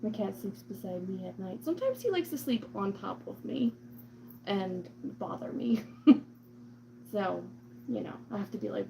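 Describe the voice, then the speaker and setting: Woman, cat owner vlogger, casual chat, rambling, fillers, gravelly, mellow. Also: mid-range voice, big pitch swings, moderate pace, a little hiss or hum, rough recording. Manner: chatty, rambling, full of "like" and "um"; slips into cooing baby talk to her cat.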